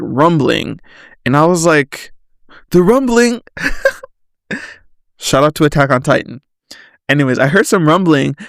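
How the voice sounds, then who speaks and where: A man hosting a podcast, telling a story in casual chat, animated and swearing freely, laughing often. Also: medium pitch, creaky, dry recording, studio quality. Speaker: podcast host.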